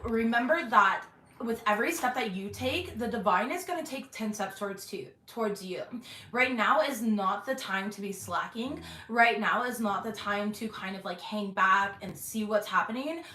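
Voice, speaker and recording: A woman hosting her channel from her bedroom, giving a casual intuitive tarot reading, chatty with many "um"s and throat-clearings. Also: mid-range voice, sharp tone. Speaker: tarot reader and channel host. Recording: echoey bedroom, faint background hum.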